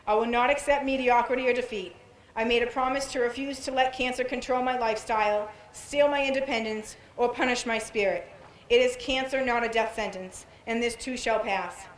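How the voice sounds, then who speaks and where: Woman, cancer patient, earnest prepared speech, somewhat high voice, echoey sound. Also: fairly even intonation, brisk. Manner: earnest, determined reading. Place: outdoor event.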